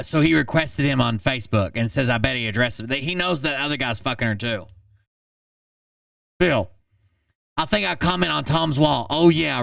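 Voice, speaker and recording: A man with a fairly high, heavily gravelly voice reads text messages aloud in a flat, deadpan way and breaks in with blunt asides. He talks slowly. The sound is dry and set back from the mic. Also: no echo, far from the mic. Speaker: channel host reading text messages. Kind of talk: reading messages aloud with commentary.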